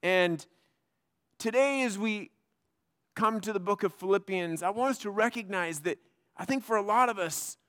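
A man's voice: sits high, normal speed, pauses often, fairly bright tone, no room sound, clean studio sound. A man preaching a sermon as pastor, telling a personal story in a conversational way with lots of fillers.

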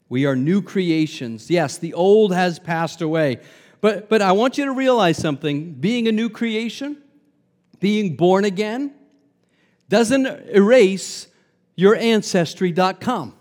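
A middle-aged male pastor from Long Island, New York, preaches with a slightly raised voice that rings out in a long hall echo. He punches key words hard, then drops to quiet asides and adds light humor. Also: high voice. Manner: emphatic preaching that swings between loud stresses and soft asides, with humor. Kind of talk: sermon.

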